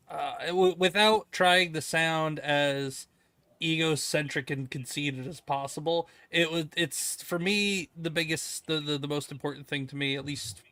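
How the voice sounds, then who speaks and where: Man guest streamer, slightly high voice, halting casual talk, dry sound. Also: a bit bright, no room sound. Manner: halting, searching for words. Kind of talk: casual chat.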